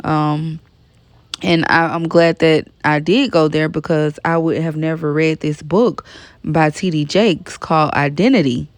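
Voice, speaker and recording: A woman's voice: sits low, steady tone, measured pace, no room sound. A woman in her thirties chatting frankly in a casual storytime vlog, full of "like" and "you know". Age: 30s. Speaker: vlogger.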